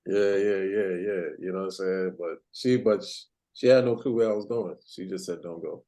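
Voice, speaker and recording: Low-voiced laid-back man. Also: fairly even intonation, moderate pace, warm tone. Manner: laid-back, repeats "yeah", laughs a lot. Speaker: podcast co-host. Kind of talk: casual chat.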